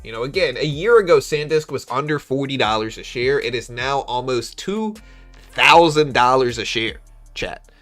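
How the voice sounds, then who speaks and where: A young man hosts a live market-trading stream in a loose, slangy chat style, calling out viewers' comments as they come in. His voice sounds bright and forward. Faint music runs quietly underneath. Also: medium pitch, moderate pace. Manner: chatty, slangy, reads chat aloud, animated when joking. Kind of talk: casual livestream chat.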